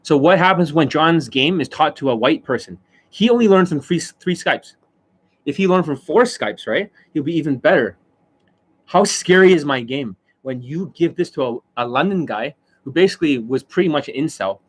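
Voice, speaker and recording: A man's voice: a little high, expressive, normal speed, slightly rough. A middle-aged man, a dating coach, holding a loose, boastful live-stream rant, swearing freely and often breaking into laughter. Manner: boastful, profane, keeps bursting into laughter.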